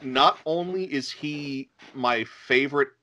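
A man's voice: medium pitch, slow, a crowd in the background. A man co-hosting a podcast, talking earnestly and with enthusiasm, often stammering as he starts his sentences. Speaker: podcast co-host. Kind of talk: casual chat.

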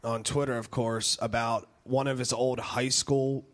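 A man's voice: mid-range voice, flat delivery, unhurried. A young man chats loosely as a podcast co-host. He talks in slang and swears freely. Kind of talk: casual chat.

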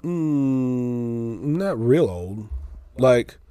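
A man, telling a long story in casual podcast chat and acting out both sides of the quarrel in a drawling, deadpan way. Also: medium pitch, extremely slow, clean tone, no room sound, studio quality. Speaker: podcast co-host.

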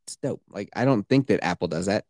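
A man in his thirties co-hosting a casual podcast, animated and swearing, putting on voices when he quotes things. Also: fairly low pitch, fairly quick, no echo, clean studio sound. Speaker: podcast co-host. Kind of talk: casual chat.

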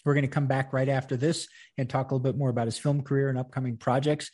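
A man's voice: medium pitch, flat delivery, fast talker, hardly any pauses, a little mellow. A man hosting a casual interview, chatty, with many fillers and frequent laughs. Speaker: interviewer, filmmaker.

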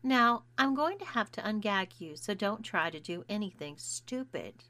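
A woman's voice: medium pitch, expressive, normal speed, a bit bright, natural voice. Woman voicing a bossy, coaxing young woman. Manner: coaxing, domineering.

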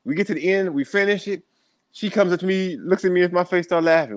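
Animated man telling stories. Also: high voice, fast talker, no echo. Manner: animated storyteller, acts out quoted voices. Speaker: podcast guest. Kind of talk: storytelling in casual interview.

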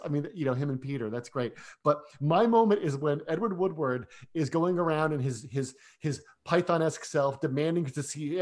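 Guy with a bit of a higher voice chatting about movies, eager, keeps repeating words as he goes. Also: a little mellow. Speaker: podcast co-host. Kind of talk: casual film discussion.

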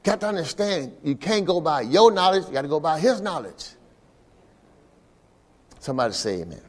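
Male pastor, sermon, call-and-response, higher pitch, reverberant church. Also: very animated, moderate pace. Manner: call-and-response preaching, repeating "all right" to the congregation. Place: church service.

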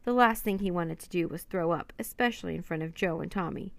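Low, gravelly woman reading a children's story. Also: a little fast, no room sound. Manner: reads every character in lightly raised voices. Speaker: narrator. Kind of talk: audiobook narration of a children's story.

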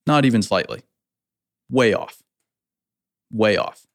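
A man's voice: on the low side, animated, slow, vocal fry, no room sound, clean studio sound. A man hosting a casual company podcast, speaking bluntly as a founder and repeating his points for emphasis.

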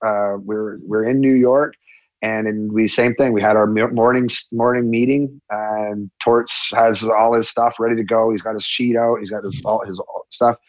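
Ex hockey guy telling a story, does the voices loud and high, dry close sound. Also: normal speed, no room sound, lo-fi sound. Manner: animated, acts out quotes with a raised voice. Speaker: former hockey player. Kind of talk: casual storytelling.

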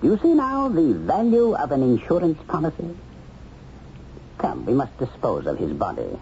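An actor playing a cold, cunning backer who calmly protects his investment, with a suave and condescending manner, on a dull old TV soundtrack. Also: a little high, moderate pace, background noise. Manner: suave, condescending, calm about murder.

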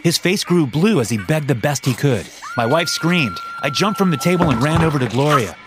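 A man's voice: fairly high pitch, big pitch swings, fairly quick, noisy background. A man narrating a scripted horror story for a podcast, dramatic and acting out the lines. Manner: dramatic, acts out quoted lines.

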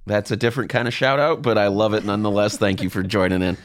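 A man's voice: lowish voice, fairly even intonation, fast. A man hosting a casual comedy podcast, loose and joking, swearing freely as he chats with coworkers. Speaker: podcast host. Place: podcast room at a comedy club.

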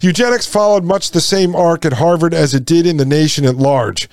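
Fired-up guy ranting to his folks, slightly high voice, dead dry sound. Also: a little fast, darkish tone, dry recording. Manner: indignant, repeats lines, addresses listeners as folks. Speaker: podcast host. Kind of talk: impassioned commentary.

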